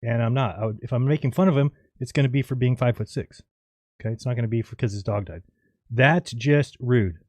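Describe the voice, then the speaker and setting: A man's voice: mid-range voice, brisk, darkish tone, no room sound. A man hosting a live call-in show, talking in a blunt, scolding, conversational way. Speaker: host.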